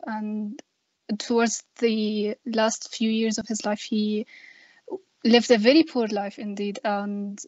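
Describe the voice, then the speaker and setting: A young woman student speaking softly and hesitantly over a video call. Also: medium pitch, dry recording. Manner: soft-spoken, hesitant. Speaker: student participant. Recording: dry, lo-fi video call audio.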